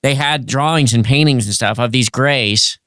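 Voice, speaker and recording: A man in a casual podcast chat, talking haltingly with many "uh"s and restarts. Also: mid-range voice, fairly bright tone, clean tone.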